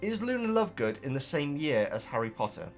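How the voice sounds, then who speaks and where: A man's voice: fairly high pitch, very animated, fairly quick, faint music behind. A man who hosts, chatting casually as he reads out viewer comments, rambling, stopping himself and laughing often. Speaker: host reading viewer comments. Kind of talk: casual chat to camera.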